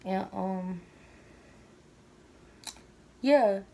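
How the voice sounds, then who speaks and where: A woman's voice: medium pitch, extremely slow, dark tone, slight background noise. A woman vlogging at home, telling a personal story in casual chat, rambling with lots of fillers.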